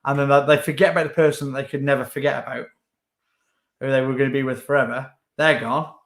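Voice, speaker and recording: A man's voice: mid-range voice, steady tone, fast talker, a bit bright. A young man, chatting casually as co-host with lots of fillers. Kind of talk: casual chat.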